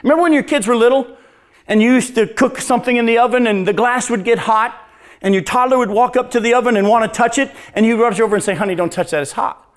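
A man preaching with a notably high-pitched voice. He tells lively stories, chuckles at his own jokes, and answers audience questions in a conversational way. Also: fast talker. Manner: animated, storytelling, laughs at own jokes. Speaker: pastor.

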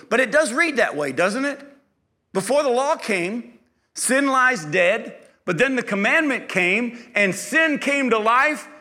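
A man teaching an interactive Bible lesson, quizzing his class and acting out the people he quotes. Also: sits high. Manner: lively, quizzes the class and acts out quoted speech.

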